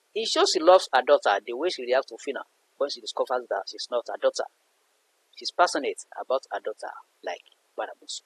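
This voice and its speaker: Male literature teacher, husky tone, lively up-and-down delivery, stresses and repeats key points. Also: mid-range voice, poor audio. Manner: emphatic, repeats points to students. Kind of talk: explanatory lesson narration.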